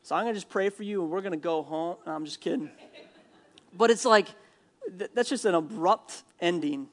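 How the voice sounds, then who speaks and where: A male pastor from Minnesota preaching a sermon in a church, animated and jokey, acting out the people he quotes. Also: sits high, fairly quick. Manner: animated, jokey asides, acts out quoted lines.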